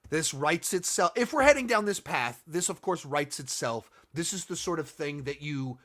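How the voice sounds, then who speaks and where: A man's voice: on the high side, expressive, normal speed, a bit bright. A man hosting a casual commentary video, answering viewer questions, rambling and thinking aloud with many restarts and sarcastic stretches.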